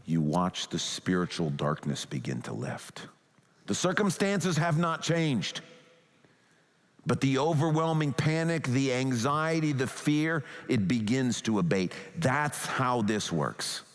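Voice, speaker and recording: A man preaching a sermon as a pastor, earnest and pleading as he talks. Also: on the low side. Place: church sanctuary. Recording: long hall reverb.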